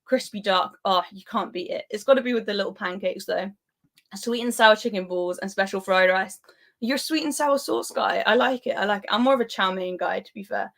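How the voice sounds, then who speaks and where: A woman's voice: mid-range voice, a little fast, vocal fry, a bit bright. A young woman who grew up in Spain, hosting a football live stream in casual, giggly chat and reading viewers' comments aloud. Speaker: football channel host.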